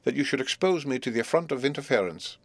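A man voicing a haughty, imperious mother who scolds in a shrill, indignant tone. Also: lively intonation, fast talker, no room sound.

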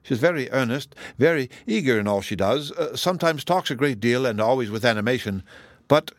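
A level-headed young woman, as read by a man, measured and lightly teasing. The voice sits only a little above his own, dry and close. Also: mid-range voice, animated, dry recording, natural voice. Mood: composed. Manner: measured and wry. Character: sensible, composed young woman, gently teasing. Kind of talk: audiobook character reading.

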